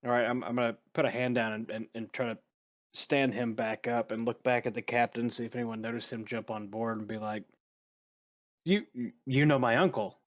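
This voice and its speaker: A man's voice: mid-range voice, level tone, fairly quick. A man casually talking as a player in a tabletop game.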